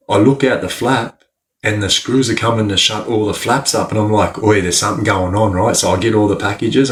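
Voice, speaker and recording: A man telling a story in casual chat, animated and laughing often, swearing freely and tagging his lines with "right?". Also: lowish voice. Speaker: podcast guest.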